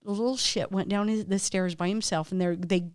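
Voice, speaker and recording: A woman's voice: medium pitch, steady tone, brisk, clean tone, dry recording, clean studio sound. A woman acupuncturist, a guest in an interview, telling stories in a heartfelt, emotional way. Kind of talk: casual interview conversation.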